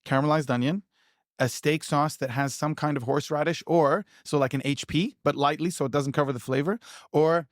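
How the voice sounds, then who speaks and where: A man's voice: a little high, steady tone, brisk, no echo, clean studio sound. Enthusiastic man chatting with fillers. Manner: enthusiastic, rambling, with many fillers and restarts. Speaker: pitmaster and producer. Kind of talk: casual conversational interview.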